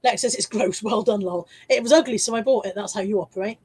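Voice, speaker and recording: Showing her car boot finds on a laid-back live stream, a woman reads viewers' comments and makes chatty jokes at her own expense, hiccuping occasionally. Her voice is medium-pitched, quick, a little mellow, and husky.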